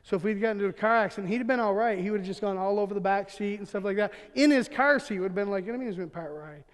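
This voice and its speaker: A man preaching in a church, his fairly high voice carrying a long hall reverb. He tells funny stories in an animated way, acting out the quotes and laughing along as he goes. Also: very fast, clean tone. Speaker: pastor. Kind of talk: humorous sermon storytelling. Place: church sanctuary.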